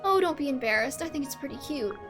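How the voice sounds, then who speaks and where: A woman reading the lines of a calm, polite male ninja in a game scene. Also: high-pitched, fast, over music.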